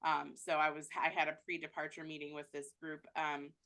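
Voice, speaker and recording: A woman's voice: sits low, level tone, brisk, a bit bright. A woman travel agent answering interview questions in a chatty way, with many fillers and restarts.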